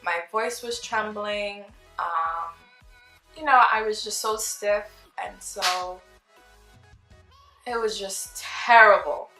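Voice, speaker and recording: A young woman spins a casual storytime for her channel, chatty and lively, slipping into the voices of people she quotes. Her tone is bright and forward. The room around her sounds roomy, with faint music underneath. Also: mid-range voice, takes it slowly. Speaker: vlogger.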